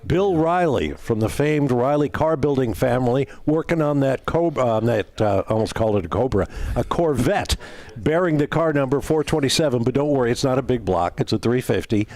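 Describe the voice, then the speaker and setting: Guy from atlanta doing race commentary, measured, knows his stuff, slows down to stress words. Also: mid-range voice, animated, a little mellow. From Atlanta, USA.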